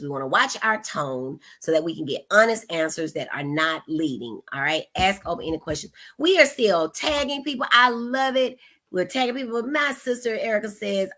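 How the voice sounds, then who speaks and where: A woman in her thirties, a mother hosting a parenting advice talk, speaking in an animated, expressive way and acting out the questions she quotes. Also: sits low, creaky, slightly rough. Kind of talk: casual advice talk to camera.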